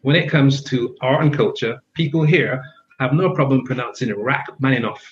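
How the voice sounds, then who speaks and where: A man's voice: mid-range voice, moderate pace. A man joining a review show as a panellist, making his points emphatically with many filler phrases, over a dull lo-fi remote line with faint noise. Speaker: regular panellist. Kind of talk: casual opinion chat.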